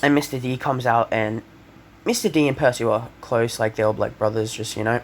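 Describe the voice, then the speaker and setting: A young man casually retelling an invented fan story, rambling with many fillers and self-corrections, coughing and clearing his throat now and then. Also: mid-range voice, steady tone, brisk, slight background noise.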